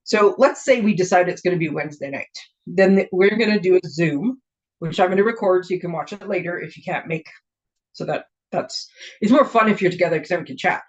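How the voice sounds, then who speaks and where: A woman's voice: fairly low pitch, fairly quick. A woman demonstrating papercraft products in a casual show-and-tell, chatty and gushing, with rambling asides. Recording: dull lo-fi recording.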